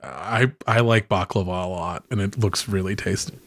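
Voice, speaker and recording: A man's voice: low-pitched, normal speed. A man co-hosting a podcast in casual chat, blunt and teasing, swearing casually. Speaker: podcast co-host.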